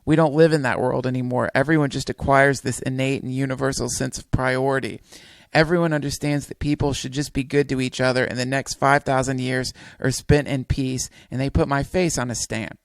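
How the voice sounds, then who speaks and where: A man's voice: medium pitch, little pitch movement, a little fast, no echo. Podcast host, male, dry close mic, reading comic prose with rising fervor.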